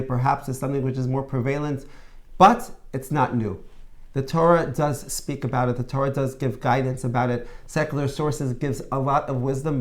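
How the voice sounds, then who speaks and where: A man hosting a conversational discussion, earnest and summing up points, with frequent restarts and filler phrases. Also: medium pitch. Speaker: host.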